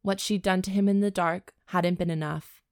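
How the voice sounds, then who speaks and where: A woman's voice: fairly low pitch, steady tone, normal speed, no echo, studio quality. Bawdy woman podcaster reading aloud. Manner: bawdy, joking asides. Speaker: podcast co-host and reader. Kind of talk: reading a romance novel aloud with banter.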